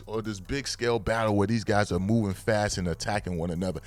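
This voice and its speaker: A man with a low, deep voice talks through new comic chapters in a loose, slangy way. He gets worked up easily and spikes into loud, excited outbursts before settling back into easy chat. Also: quick pace, few pauses, no room sound, soft background music. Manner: slangy, excitable, breaks into loud bursts of hype. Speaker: manga reviewer. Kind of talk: casual chapter review.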